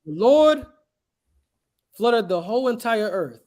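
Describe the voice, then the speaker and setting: A man delivers a street sermon in a lively, swooping voice that leaps high and drops low, taking it slowly. He fires off rhetorical questions and waits for agreement, emphatic and insistent throughout.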